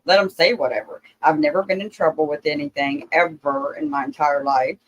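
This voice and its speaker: A man's voice: on the high side, fairly even intonation, brisk, dull audio. A man joining a casual chat, blunt and profane in his talk.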